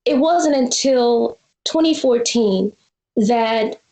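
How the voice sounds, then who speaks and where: A woman's voice: on the high side, slow pace, warm tone, roomy sound, rough recording. A woman in her forties, a filmmaker being interviewed, telling a personal story in an earnest, reflective way. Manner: earnest, reflective, acts out quoted dialogue. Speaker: guest filmmaker.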